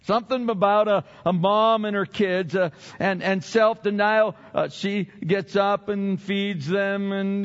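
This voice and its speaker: A man's voice: high-pitched, fairly even intonation, measured pace, few pauses. An older man preaching a sermon as pastor, chatty and self-deprecating, often repeating his words. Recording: dull sound with long hall reverb.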